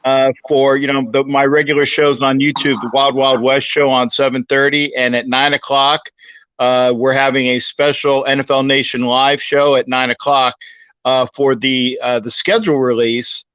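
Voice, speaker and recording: A man in his sixties with a bright, sharp voice, humble and chatty as he talks to his hosts. He sits close to his phone, so the sound is dry but dull and muffled. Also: mid-range voice, flat delivery, moderate pace, smooth, dry recording. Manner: humble, chatty, self-deprecating. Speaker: guest. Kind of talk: casual interview chat.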